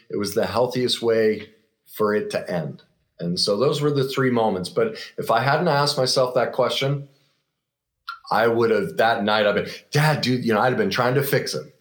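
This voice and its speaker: A middle-aged man telling a personal story as a guest, earnest and reflective, often pausing and restarting. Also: mid-range voice.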